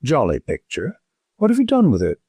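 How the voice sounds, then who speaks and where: Arthur Wyant, a man doing a rattled gentleman. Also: medium pitch, huge pitch swings, slightly rough, no room sound, heavily acted. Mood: bewildered. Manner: halting, distracted, abrupt. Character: bewildered middle-aged gentleman, shabby and nervous.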